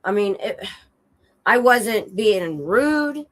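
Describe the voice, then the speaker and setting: A woman with a hoarse, under-the-weather voice chats casually on her stream. She tells an animated story, acts out the lines of the people in it and swears along the way. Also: mid-range voice, slow pace, rough recording. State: sick and hoarse. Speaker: streamer telling a travel story. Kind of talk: casual chat. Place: home streaming setup.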